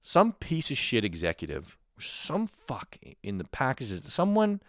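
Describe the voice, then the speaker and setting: Profane, animated man ranting in a dry room. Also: mid-range voice, unhurried, dry recording. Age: 30s. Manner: profane, exasperated ranting with acted-out quotes. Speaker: podcast host. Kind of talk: comedic rant.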